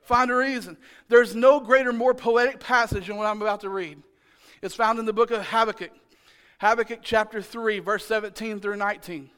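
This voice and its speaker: High-voiced joking preacher man. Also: normal speed, clear, resonant tone. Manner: animated, joking, playfully exasperated; builds to loud emphatic shouts. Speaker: pastor. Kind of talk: sermon.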